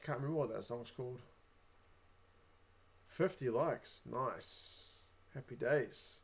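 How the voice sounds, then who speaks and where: A man's voice: mid-range voice, slow pace, creaky. Chatty New Zealand man hosting a stream. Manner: chatty, reads viewer comments aloud. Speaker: livestream host. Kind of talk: casual livestream chat.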